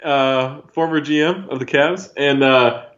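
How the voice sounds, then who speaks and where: A man's voice: on the high side, unhurried, a bit bright. A man co-hosting a casual podcast, sarcastic and off-the-cuff. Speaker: podcast co-host and radio host. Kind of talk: casual chat. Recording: slightly dull lo-fi sound.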